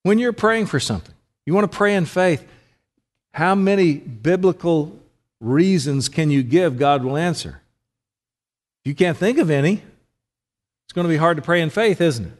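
This middle-aged preacher speaks in a fairly high voice with lively intonation at a moderate pace, leaving long pauses. His conversational sermon is full of questions for the audience. A long reverb tail trails his words.

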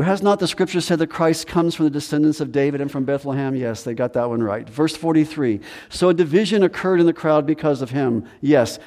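Pastor guy preaching, mellow voice, bit higher pitched, long hall echo. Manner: animated preaching with paraphrased voices. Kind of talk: sermon. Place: church sanctuary.

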